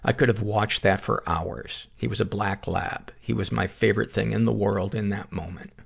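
A man's voice: on the low side, steady tone, moderate pace, gravelly, slightly rough. A middle-aged man hosting a podcast, reading listener submissions aloud and adding wry asides between them. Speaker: podcast host.

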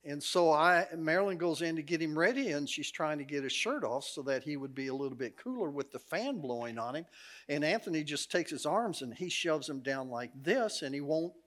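Folksy preacher telling stories. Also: male voice, fairly high pitch, animated, brisk, fairly bright tone. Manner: folksy, jokey storyteller, laughs often. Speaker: guest preacher. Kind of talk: sermon with storytelling. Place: church sanctuary.

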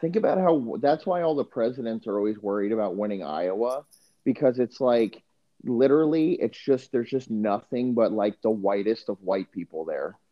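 A man's voice: fairly low pitch, expressive, normal speed. A young man co-hosting a podcast in casual chat, rambling and profane, saying "dude" often. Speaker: podcast co-host. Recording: dull lo-fi sound.

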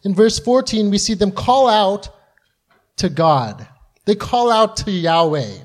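A man with a high voice preaching to his congregation. He talks earnestly and acts out the quoted voices in the stories he retells. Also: lively intonation, measured pace. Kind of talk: sermon.

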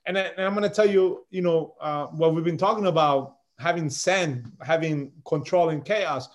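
A middle-aged man, a podcast guest and chef, telling a story in a loose, animated way and peppering his talk with "bro" and "man". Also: fairly high pitch, moderate pace. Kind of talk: casual storytelling chat.

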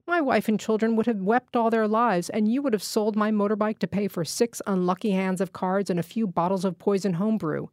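A woman's voice: mid-range voice, steady tone, a little fast, few pauses, a little mellow, no echo, clean studio sound, natural voice. A woman voicing a bitter, unforgiving wounded man. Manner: hard and indignant. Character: proud wounded male electrician, bitter and unforgiving. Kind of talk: literary reading.

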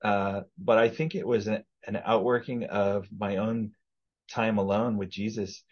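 A man's voice: lowish voice, fairly even intonation, unhurried, dull audio. A man speaking earnestly as a podcast guest in a casual testimony conversation.

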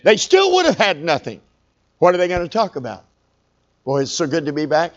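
A man's voice: fairly high pitch, sing-song, fairly quick, highs cut off. A man preaching a sermon, telling a story conversationally and calling for amens.

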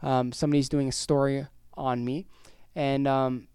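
A man from Canada hosting a casual solo podcast, energetic and rambling with jokes, his voice worn hoarse. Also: medium pitch, moderate pace, no echo, clean studio sound. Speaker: podcast host.

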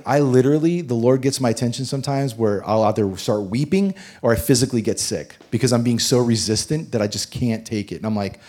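Male pastor, husky voice, animated sermon storyteller. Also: mid-range voice, fast. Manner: animated storyteller, swings from loud to hushed.

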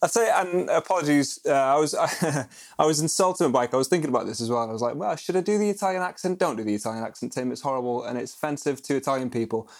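A podcast co-host with a mid-range voice tells stories quickly in a chatty, self-mocking way, laughing often during the casual conversation.

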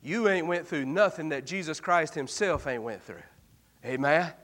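Male revival preacher, bright ringing tone, folksy storyteller who builds to shouting. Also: lively intonation, normal speed. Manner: folksy storytelling, swinging from low murmurs to shouted exhortation. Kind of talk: revival sermon.

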